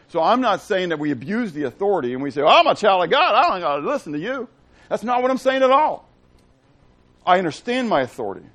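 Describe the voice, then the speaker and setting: With a high voice, a man preaches in a casual style, throwing rhetorical questions at the congregation. As pastor, he moves between hushed moments and loud, excited bursts.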